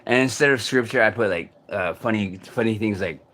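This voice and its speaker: A man talking to camera in a casual vlog monologue, outdoors in a city park, in a halting, searching way with many restarts. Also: on the low side, fairly bright tone. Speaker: vlogger.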